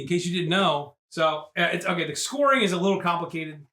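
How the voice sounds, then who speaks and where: A man hosting a podcast, retelling things in an animated, sarcastic, casual way. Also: on the high side, fast talker, echoey room. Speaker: podcast host. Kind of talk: casual chat.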